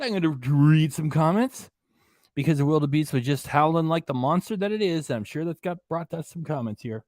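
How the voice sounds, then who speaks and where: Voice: medium pitch, animated, fairly quick, darkish tone, no room sound, clean studio sound. A livestream host chatting casually, thanking viewers by name and reading out comments between video clips.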